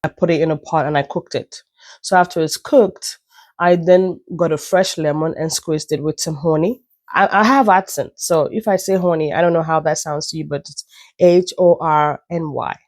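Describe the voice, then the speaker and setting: A woman's voice: deep voice, steady tone, moderate pace, darkish tone, no echo, studio quality. Chatty woman with a stuffy nose. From Nigeria. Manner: chatty, self-deprecating, meandering asides. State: stuffy nose, occasional cough. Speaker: vlogger. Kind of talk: casual storytelling vlog.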